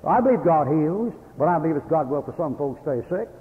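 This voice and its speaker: Fast and expressive, with a fairly high voice, the older Baptist preacher delivers his folksy sermon. Chuckling stories give way to sudden angry tirades, all coming through a tinny, phone-like old radio recording made in a hall.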